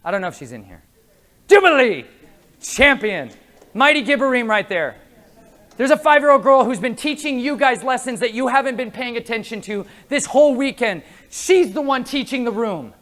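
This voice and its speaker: A man preaches to a conference crowd with a lively, swooping pitch, jumping between quiet asides and loud, punchy lines. He tells stories and acts out the people he meets, laughing as he goes. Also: normal speed. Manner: animated, acts out voices of people at his table, laughs often. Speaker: conference speaker. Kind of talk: lively sermon with storytelling. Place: conference hall before an audience.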